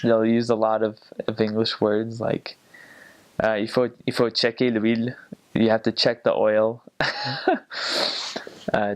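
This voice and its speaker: A young man chatting casually, rambling with many fillers and frequent laughter as he shares tips on a language. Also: on the low side. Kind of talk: casual chat.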